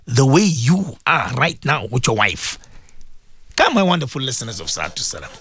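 Impassioned, gravelly-voiced man preaching on air. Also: high voice, dry recording, studio quality. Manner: preaching, rhetorical questions, many repetitions. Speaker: Islamic radio host. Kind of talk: impassioned religious radio talk.

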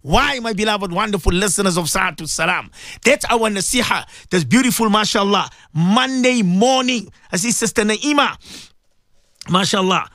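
A man's voice: sits high, animated, moderate pace, bright, forceful tone, dry recording. A man hosting a morning religious radio show, preaching with passion and repeating his phrases in a sing-song way.

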